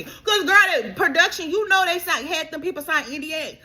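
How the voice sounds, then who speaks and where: A woman's voice: extremely high pitch, normal speed, hardly any pauses. A woman recapping a reality show in a casual, exasperated way, talking straight to the cast and calling them girl. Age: adult. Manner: animated, exasperated, talks straight to the cast, keeps saying girl.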